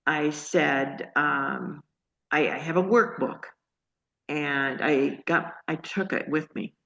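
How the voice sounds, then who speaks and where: Low gravelly woman, halting and earnest. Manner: halting, many restarts and fillers; earnest and excited. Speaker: guest sharing a healing testimony. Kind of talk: casual storytelling. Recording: dull lo-fi audio.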